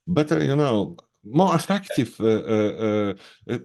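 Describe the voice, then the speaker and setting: Halting man interviewing. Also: mid-range voice, sing-song, gravelly, darkish tone. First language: Polish. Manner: halting, many fillers and restarts, laughs often. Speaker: radio interviewer. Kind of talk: casual interview chat.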